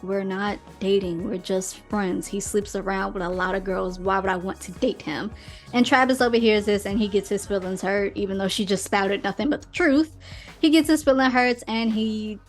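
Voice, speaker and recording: A woman hosting a casual podcast, recapping a romance novel in a slangy, animated way and acting out the characters' quotes. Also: medium pitch. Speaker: podcast host. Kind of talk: casual book review chat.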